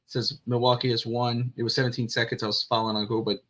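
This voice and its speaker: A man's voice: mid-range voice, fast. A middle-aged man co-hosting a casual sports talk show, telling stories and acting out what people said. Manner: animated storyteller, acts out quotes. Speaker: podcast co-host.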